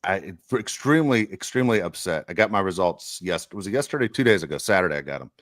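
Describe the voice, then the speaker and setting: A man co-hosting a casual sports podcast, telling rambling, animated stories. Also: low voice, quick pace, dry recording, studio quality. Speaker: podcast co-host; youth baseball coach.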